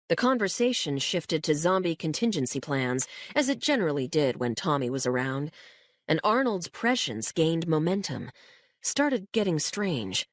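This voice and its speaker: A woman narrating a horror audiobook in an even storytelling manner, giving the characters voices. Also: fairly low pitch, dry recording, clean studio sound. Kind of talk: scripted narration.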